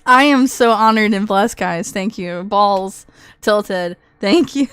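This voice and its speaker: A woman livestreamer in casual chat with her viewers, excitable, swearing freely and laughing often. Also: medium pitch, drawn-out words, clear, resonant tone, no room sound, studio quality.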